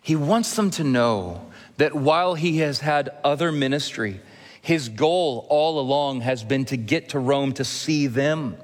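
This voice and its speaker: A male pastor delivering a sermon in an earnest, measured way, with touches of gentle humor. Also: medium pitch, animated. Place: church sanctuary. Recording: long reverb of a church hall.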